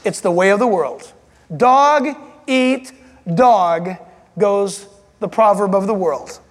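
High-voiced preacher in a reverberant hall. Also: male voice, slow. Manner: animated, acts out voices and jokes. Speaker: pastor. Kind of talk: sermon. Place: church hall.

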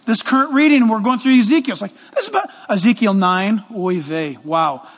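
Male pastor mid-sermon, animated and exhorting, high and expressive, in a reverberant church. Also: a little fast. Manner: animated, exhorting, acts out quoted voices.

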